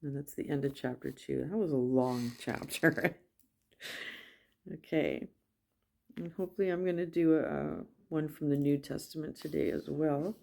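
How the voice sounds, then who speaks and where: A woman reading scripture aloud at a steady pace, with small slips and self-corrections. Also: sits low, moderate pace, creaky. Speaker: Bible reader.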